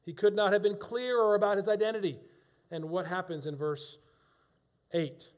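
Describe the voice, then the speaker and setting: A man with a notably high voice preaching a sermon. He is emphatic, dropping to near-hushed tones and then lifting his voice to drive a point home. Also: fairly even intonation, normal speed. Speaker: pastor.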